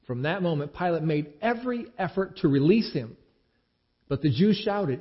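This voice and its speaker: A man gives a dramatic scripture reading, acting out each quoted speaker. His slightly high voice swings widely in pitch. The recording is dull and lo-fi. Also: moderate pace. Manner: expressive, acts out the quoted speech. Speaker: scripture reader.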